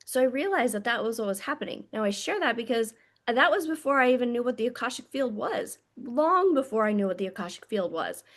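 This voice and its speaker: A woman with a fairly high voice speaks straight to camera as a spiritual coach. She talks in a frank, blunt way, swears freely, and addresses her listeners intimately as "my loves". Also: animated, fairly quick. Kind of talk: casual monologue to camera.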